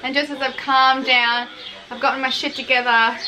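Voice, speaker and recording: A woman's voice: high voice, level tone, moderate pace, a loud crowd. A young woman in her twenties chatting casually while reacting to clips of herself, swearing freely and mocking herself.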